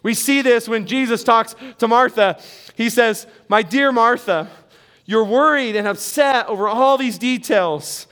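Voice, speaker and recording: A man's voice: very high voice, unhurried, a bit bright, clear, resonant tone. A middle-aged man preaching a sermon as pastor, earnest and emphatic, with rising bursts of emphasis.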